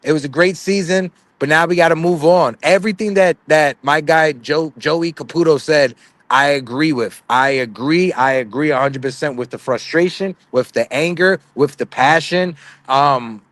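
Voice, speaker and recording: A man's voice: a little high, normal speed, fairly bright tone, no echo. Chatty young man saying 'right?'. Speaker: live stream co-host. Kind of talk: casual sports talk.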